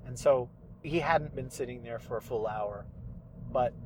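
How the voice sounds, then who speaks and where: A man's voice: mid-range voice, a little slow, a little mellow, a little hiss or hum. A middle-aged man hosting a podcast, talking casually and rambling with self-deprecating asides, from a parked car. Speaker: podcast host and fiction writer. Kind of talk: casual solo monologue.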